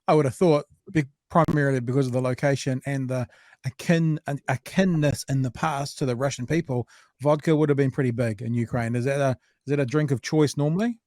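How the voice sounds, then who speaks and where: A man's voice: medium pitch, steady tone, fairly quick, a little mellow, no room sound, studio quality. A man hosting an interview, asking chatty, curious questions. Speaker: radio host. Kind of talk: casual interview.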